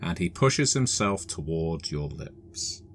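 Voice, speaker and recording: A man narrating a tabletop horror game as game master, in a measured, deliberate way. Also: low-pitched, animated, a little hiss or hum.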